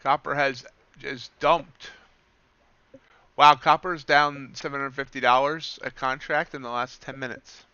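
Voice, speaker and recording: A man's voice: medium pitch, steady tone, a little slow, bright, forceful tone, smooth, no echo, muffled recording. A man giving live commentary on his trades, counting off prices and greeting viewers in chat. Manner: calls out prices and chats with viewers. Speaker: livestream futures trader.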